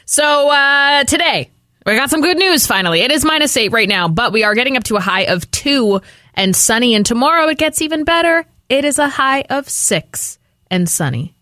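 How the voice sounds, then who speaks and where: A woman's voice: sits high, expressive, normal speed, sharp tone, no echo, clean studio sound. A woman co-hosting a morning radio show, reading the weather in an upbeat way. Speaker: radio co-host. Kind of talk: casual radio chat and weather.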